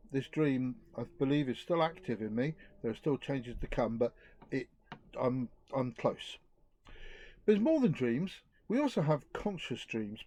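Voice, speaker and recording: Earnest man giving a lively talk. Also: mid-range voice. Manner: earnest, lively, pauses to reflect. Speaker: youth speaker. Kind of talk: outdoor youth talk. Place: outdoors.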